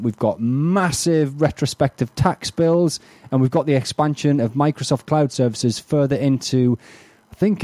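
A man's voice: medium pitch, warm tone, no room sound. A man hosting a tech podcast, chatting in a genial, joking way. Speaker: podcast host. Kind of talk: casual tech podcast chat.

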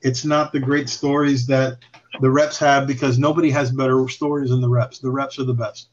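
A man's voice: medium pitch, flat delivery, moderate pace. A man guest telling stories in casual chat, rambling and swearing with chuckles. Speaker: podcast guest. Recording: slightly dull lo-fi recording.

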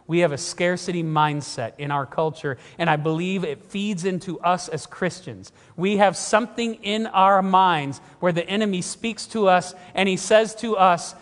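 Middle-aged male pastor, emphatic sermon delivery, high pitch, long hall reverb. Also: normal speed, hardly any pauses. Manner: earnest, emphatic preaching, often repeats himself.

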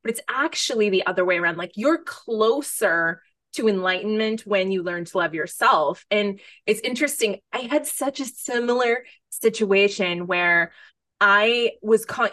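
A woman's voice: medium pitch, fairly bright tone, no room sound. Reflective woman host, dry close sound. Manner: reflective, relates with her own story. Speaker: podcast host. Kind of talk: conversational interview.

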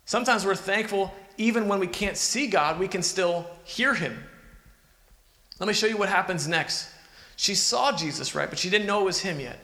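With a high-pitched, pushed and bright voice at a moderate pace, a man delivers a sermon as a pastor. He speaks earnestly and conversationally, asking his audience questions, in a hall full of long echo.

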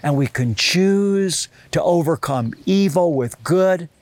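A man's voice: on the high side, lively intonation, takes it slowly, no room sound. A man preaching a sermon, reading scripture aloud and explaining it with earnest emphasis.

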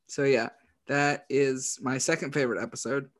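A man chatting casually as a podcast co-host, laughing as he retells scenes in quick quoted voices. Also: medium pitch, steady tone. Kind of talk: casual chat.

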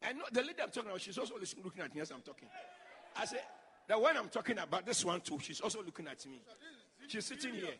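A male pastor preaching a sermon, acting out quotes and shouting lines for emphasis. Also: high voice, big pitch swings, rapid-fire, big-room sound. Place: church.

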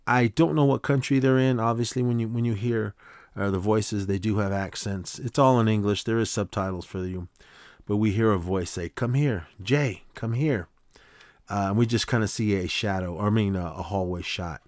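Low-voiced man rambling through a film recap. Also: fairly even intonation, a little fast, darkish tone, no echo, clean studio sound. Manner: rambling, with frequent fillers and restarts. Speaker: podcast host.

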